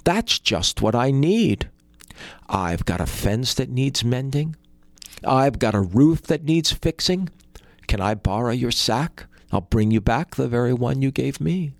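A man's voice: mid-range voice, lively intonation, measured pace, gravelly, no echo, pitched above the performer's own voice. A man voicing a greedy rich brother in a folktale, grasping and whiny.

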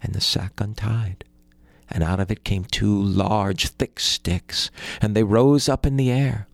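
Male storyteller, gravelly, dry close recording. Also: on the low side, fairly even intonation, a little slow, no room sound. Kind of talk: folktale storytelling.

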